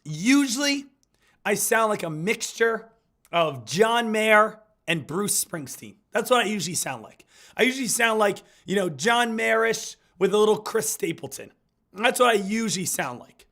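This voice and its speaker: A hoarse man, getting over an illness, giving hyped, repetitive live market commentary as a stock trading streamer. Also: high voice, animated, normal speed, fairly bright tone.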